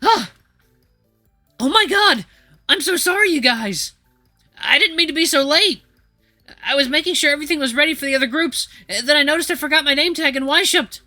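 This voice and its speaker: A man voicing an eager, flustered young male shepherd-dog mentor with a put-on Australian accent, loud and apologetic. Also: very high-pitched, fairly quick, long pauses, dry recording, faint music behind, voice pushed up, exaggerated voice. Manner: breathless, apologetic, overexcited.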